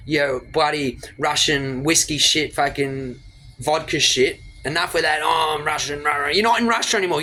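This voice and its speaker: A man's voice: a little high, a bit bright, slight background noise. A man giving a blunt, profane motivational rant straight into his phone camera. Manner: blunt, profane, rapid-fire lecturing. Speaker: motivational vlogger.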